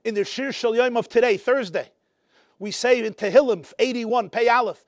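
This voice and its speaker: A fervent male rabbi delivering a storytelling sermon, weaving in Yiddish and Hebrew phrases. His voice sits very high for a man and sounds dry and close, with little room echo. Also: normal speed. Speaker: rabbi giving a memorial address. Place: synagogue community gathering.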